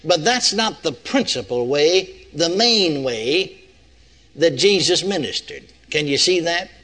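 Older male preacher, folksy, high animated delivery, questions thrown at the pews. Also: slow. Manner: folksy, asks the congregation rhetorical questions. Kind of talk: sermon.

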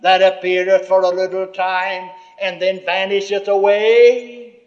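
A man voicing a solemn disembodied male voice that intones scripture in slow, drawn-out words, on a muffled lo-fi recording. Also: high voice, little pitch movement, faint music behind.

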